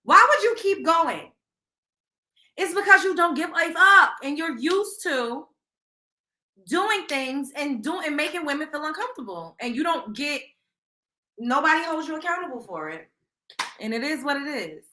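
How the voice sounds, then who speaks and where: Young woman hosting a gossip stream, high bright voice, blunt and cussing, echoey room. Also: moderate pace, long pauses. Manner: blunt, animated, swears freely, acts out quotes. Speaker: host of a celebrity gossip livestream. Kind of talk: casual opinionated commentary.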